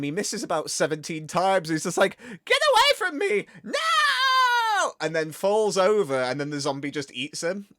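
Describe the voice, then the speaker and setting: A man's voice: fairly high pitch, no room sound. Chatty man streaming, dry close sound. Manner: rambling, animated, mimics game characters. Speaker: game streamer. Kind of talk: casual chat.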